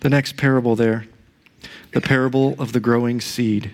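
A middle-aged pastor preaching a sermon, telling a personal story in a conversational way with frequent asides and tag questions. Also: male voice, mid-range voice, steady tone, normal speed, a little mellow.

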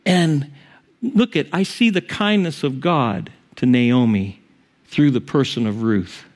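A male pastor preaching a sermon in an animated, emphatic way. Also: takes it slowly. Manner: animated, emphatic, shifting pitch for quotes.

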